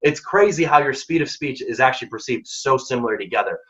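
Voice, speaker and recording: A man presenting a career workshop, talking in an emphatic, casual, energetic way. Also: mid-range voice, quick pace. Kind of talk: career advice talk. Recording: dull lo-fi recording.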